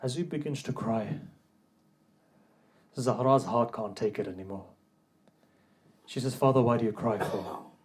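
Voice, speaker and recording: A man giving a religious sermon, moving from soft storytelling to a loud, grieving, high-pitched recitation. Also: measured pace, pauses often, a little hiss or hum. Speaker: preacher. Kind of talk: Muharram sermon, rising to impassioned chanting.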